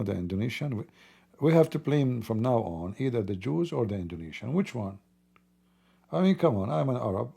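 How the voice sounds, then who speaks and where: Guy on a late night stream, dark husky voice, mocking and laughing a lot. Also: medium pitch. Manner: mocking, laughs often, broken grammar. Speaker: livestream host. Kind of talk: casual late-night livestream talk.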